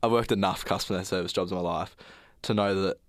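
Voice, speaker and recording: Young man, low voice, quick talker, easygoing guest in a dry room. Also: steady tone. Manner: agreeable, says "absolutely" often. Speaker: guest answering questions. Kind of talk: casual chat.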